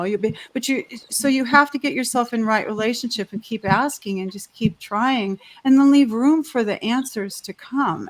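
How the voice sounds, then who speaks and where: Her voice a little high, this woman rambles heartfeltly through her own story as a panelist on a video call, frequently starting her sentences over.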